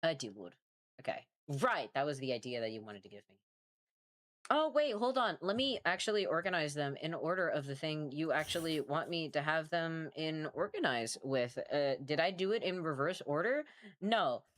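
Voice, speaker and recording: A low-pitched woman talking over her drawing stream, her voice swinging widely up and down. She rambles and mocks herself, swears freely, and sounds worn out. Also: expressive, normal speed. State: tired. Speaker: artist streamer. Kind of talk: casual livestream chat while drawing.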